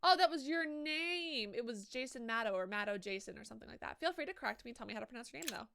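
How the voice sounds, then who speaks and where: A woman's voice: fairly high pitch, expressive, quick pace, creaky, sharp tone. A woman live-streaming a game, chatting casually, swearing freely and reading viewers' messages aloud. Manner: swears freely, reads chat aloud and reacts to it. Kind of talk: casual live-stream chat while gaming.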